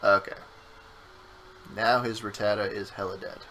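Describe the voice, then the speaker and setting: A man's voice: on the low side, flat delivery, normal speed, pushed and bright, a little hiss or hum, rough recording. A man streaming a game with his partner, chatting casually and joking around, sometimes breaking into silly voices. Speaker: co-host playing a game on stream. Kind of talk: casual gameplay chat.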